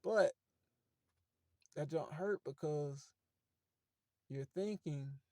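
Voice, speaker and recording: A man's voice: on the high side, very slow, dark tone, dry recording, clean studio sound. A man, giving casual motivational talk to viewers from inside his parked car at night, preachy and conversational. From Fort Pierce, Florida. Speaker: motivational vlogger.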